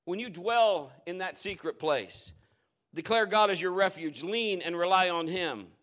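Middle-aged male pastor, higher-pitched voice, emphatic sermon delivery with loud declarations and quiet asides. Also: unhurried.

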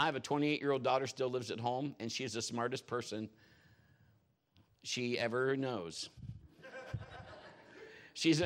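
A middle-aged man preaching a humorous sermon in a church, animated and jokey, laughing often and swinging between loud and soft. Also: medium pitch. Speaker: pastor.

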